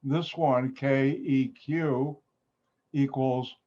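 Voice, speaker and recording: A man with a Chicago accent teaching an online chemistry lab, joking with the class and breaking into sudden high exclamations. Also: steady tone, very slow, warm tone. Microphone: video call. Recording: slightly dull video call audio.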